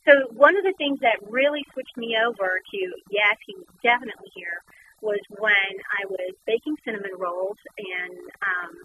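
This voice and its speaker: A woman guest and author telling a personal story in conversation, animated and repeating words as she goes. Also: medium pitch, moderate pace. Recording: noisy background.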